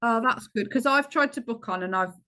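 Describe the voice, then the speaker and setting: A woman with a fairly high voice co-hosts a relaxed podcast chat. She chimes in with short, encouraging replies and questions. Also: fairly quick. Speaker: podcast co-host. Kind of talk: casual chat.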